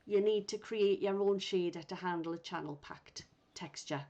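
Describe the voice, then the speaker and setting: A woman instructor guiding learners step by step through a software tutorial, thinking aloud as she works. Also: on the low side, moderate pace. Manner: patient, thinks aloud while working. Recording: muffled lo-fi recording.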